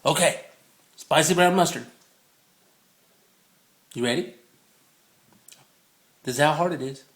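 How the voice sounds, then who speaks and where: A man's voice: fairly high pitch, takes it slowly, fairly bright tone. Chatty joking man, echoey kitchen. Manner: chatty, jokey, laughs often. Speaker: home cook filming a recipe video. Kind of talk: casual cooking demo. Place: home kitchen. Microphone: phone. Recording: echoey kitchen on a phone mic.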